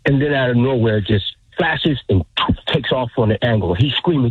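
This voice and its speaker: A man, a military veteran, calling in to a radio show and telling a story earnestly, a little haltingly. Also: mid-range voice, expressive, breathy edge, no echo. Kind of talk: phone-in story. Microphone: phone. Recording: tinny phone line.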